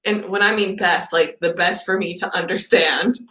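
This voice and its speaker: A woman's voice: on the low side, steady tone, normal speed, bright, forceful tone. A young woman and native English speaker hosting a casual livestream chat. She laughs often and acts out her own anecdotes. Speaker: channel host. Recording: roomy echo.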